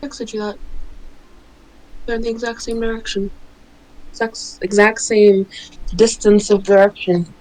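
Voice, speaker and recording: A woman running a tabletop game as game master, giving quick, casual answers full of fillers and narrating what the players hear. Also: mid-range voice, flat delivery, darkish tone, rough recording.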